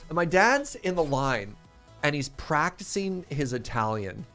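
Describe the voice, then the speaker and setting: Here a man streams a modded block-building game live, laughing often as he answers chat and tells stories. His fairly high, fairly bright voice is very animated at a measured pace, with soft background music.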